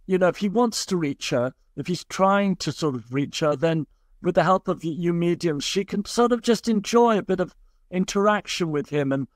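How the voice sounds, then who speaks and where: A man's voice: sits high, expressive, normal speed, dry recording, clean studio sound. A man, a guest scientist, explaining ideas in long, reassuring, flowing sentences. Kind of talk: explanatory podcast interview.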